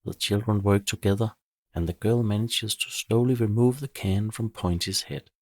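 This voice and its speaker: A man calmly narrating a bedtime story for children in a measured way. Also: on the low side, no echo, studio quality.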